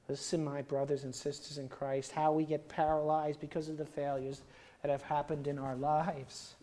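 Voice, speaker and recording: A preacher delivering a dramatic sermon, swinging between loud pleas and quiet asides. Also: mid-range voice, level tone, moderate pace.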